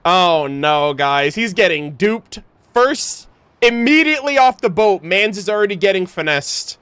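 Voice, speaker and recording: A young man streaming a game reaction, animated, laughing often and breaking off to joke with his chat. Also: high-pitched, a little slow, smooth, dry recording.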